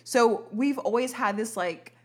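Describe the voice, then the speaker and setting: A woman's voice: fairly high pitch, measured pace. A woman from Arkansas, a podcast host, chatting casually in a plain accentless voice, swearing freely and laughing often. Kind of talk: casual chat.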